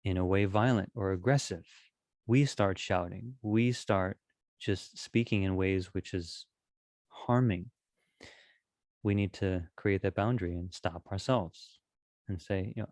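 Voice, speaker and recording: A man with a lowish voice gives a calm, gentle teaching on communication. He talks steadily and often restarts his phrases. The sound is dry and close. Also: measured pace, no echo. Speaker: dharma teacher. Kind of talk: talk on Buddhist practice.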